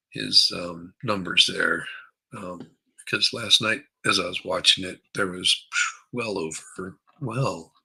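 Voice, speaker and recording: A man's voice: deep voice, vocal fry, pushed and bright, breathy edge, poor audio. A groggy man hosting a casual morning livestream from his basement on a headset, rambling, repeating words and greeting viewers by name. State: groggy after a late night. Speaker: livestream host. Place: basement room at home.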